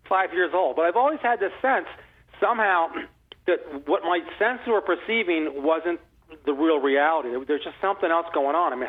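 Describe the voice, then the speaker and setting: A man in his sixties, a guest author, telling stories in a rambling, animated way full of restarts. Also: fairly high pitch. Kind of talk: casual conversational storytelling. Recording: phone-like narrow line.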